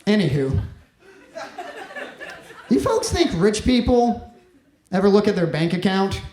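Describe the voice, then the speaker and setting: Young male stand-up comic from Mississippi, fairly high voice, wry deadpan, roomy club sound with faint noise. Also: unhurried. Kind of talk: stand-up comedy set. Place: comedy club stage.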